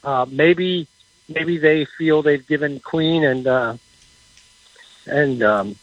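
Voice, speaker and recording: Brief: husky man, slightly high voice, halting football talk, muffled dry line. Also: no echo. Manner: halting, repeats words, chuckles. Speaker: football reporter guest. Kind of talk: casual sports talk on radio.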